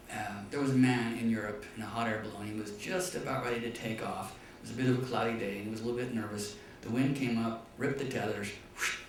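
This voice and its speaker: A man teaching a business class, telling stories and acting out dialogue in a high voice for the punchlines. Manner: storytelling, acts out dialogue in a high voice. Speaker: business lecturer. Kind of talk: classroom business talk with anecdotes. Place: classroom or lecture hall. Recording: echoey room, far from the mic, faint noise.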